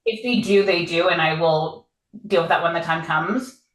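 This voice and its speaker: A woman in her thirties co-hosts a podcast, chatting candidly and casually in a rambling way and laughing often. Her voice is fairly low-pitched and fairly bright, at normal speed, recorded in an echoey room.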